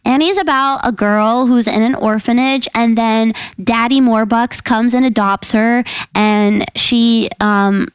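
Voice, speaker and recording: A young woman with a fairly high voice talks in a giggly, playful way as a podcast co-host. Her voice sits close and dry, with hardly any room around it. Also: steady tone, unhurried, few pauses, smooth, no room sound. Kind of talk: casual chat.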